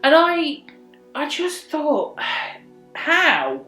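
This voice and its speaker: A young woman telling a true story in casual chat, drops soft and breathy for quoted lines. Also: sits high, wildly swooping pitch, drawn-out words, soft background music. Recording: echoey room.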